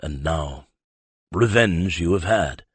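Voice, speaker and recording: A man doing a gruff, stern weapons master, a growl sunk deep and low, with a husky edge. He bends his word order backwards and grumbles through every line of this storybook. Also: lively intonation, takes it slowly, no echo, heavily acted. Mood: grumbling.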